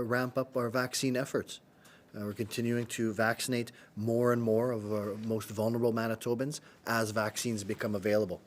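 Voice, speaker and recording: A middle-aged man with a Canadian accent, speaking matter-of-factly at a public health press briefing with many pauses. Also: fairly low pitch. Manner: flat, matter-of-fact, many "uh" fillers. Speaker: chief public health officer.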